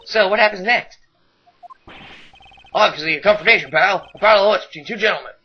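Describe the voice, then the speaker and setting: A man voicing a gruff, blunt male police detective who barks his lines, in a slightly muffled recording. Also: high voice, brisk, pitched above the performer's own voice. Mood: boisterous. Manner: loud and blunt, tacks on "pal".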